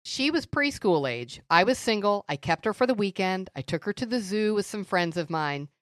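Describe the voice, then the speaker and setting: A middle-aged woman co-hosting a faith podcast, telling stories and teaching in an earnest, animated way. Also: mid-range voice, moderate pace, no room sound, studio quality. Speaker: podcast co-host. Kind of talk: faith-based conversational teaching.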